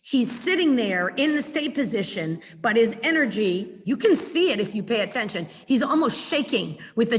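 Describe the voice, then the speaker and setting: A woman dog trainer teaching a webinar over a video call, chatty and lively, repeating words for emphasis. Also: on the high side, moderate pace, hardly any pauses. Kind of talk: webinar lesson. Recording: echoey video call audio.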